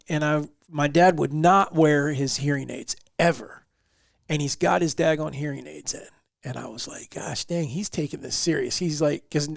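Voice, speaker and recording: A man's voice: on the high side, gravelly, no echo, studio quality. A man hosting a hunting podcast, telling a casual story and acting out the quotes. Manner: animated, acts out quotes in the story. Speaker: podcast host.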